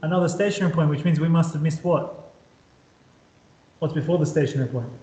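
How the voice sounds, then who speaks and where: A man's voice: fairly high pitch, brisk, mellow. A man tutoring calculus at a whiteboard who repeats words as he draws and keeps quizzing his student. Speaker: maths tutor. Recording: echoey room.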